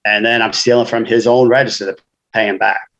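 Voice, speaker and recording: A man's voice: fairly low pitch, steady tone, brisk, fairly bright tone, highs cut off. A man, a guest author telling his life story frankly in casual conversation, often saying "you know".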